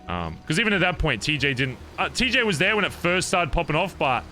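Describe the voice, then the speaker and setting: Bright, forceful young man recounting in character. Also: a little high, a little fast, soft background music. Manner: animated, profane, rambling recounting. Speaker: roleplay streamer. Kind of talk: in-character storytelling to other players.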